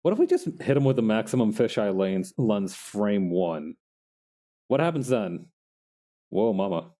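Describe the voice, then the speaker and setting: Young man, streamer, lively swooping voice, mellow tone, chatty, self-mocking. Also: on the low side, measured pace. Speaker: digital artist streamer. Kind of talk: casual narration while drawing.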